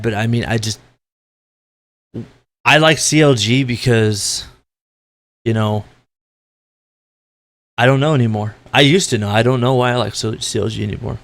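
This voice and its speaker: A man in the middle of a blunt, exasperated rant for his vlog, swearing freely. His voice sits at an ordinary middle pitch. He jumps up in bursts, then sinks back into weary, slower stretches. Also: fairly bright tone. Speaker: esports commentator. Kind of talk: ranting opinion vlog.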